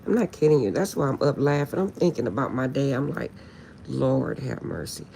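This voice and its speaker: A woman with a rumbling low, warm voice chats casually on a late-night live stream, laughing often while insisting she's serious. There's a slight hiss or hum in the recording.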